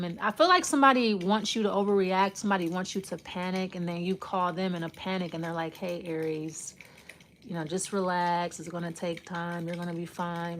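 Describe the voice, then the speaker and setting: A woman with a slightly low voice talks through a tarot spread in a loose, casual way. She rambles and restarts, following her hunches as they come. A faint hiss sits behind her voice. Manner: rambling and intuitive, often trailing off and restarting. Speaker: tarot reader. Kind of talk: casual spoken tarot reading.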